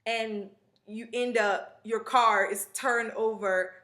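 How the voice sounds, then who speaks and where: A woman's voice: fairly high pitch, slow. A young woman vlogger telling a long story in a chatty, rambling way, full of fillers and asides. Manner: chatty, rambling, animated retelling with many fillers. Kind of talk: casual storytelling to camera. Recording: echoey room.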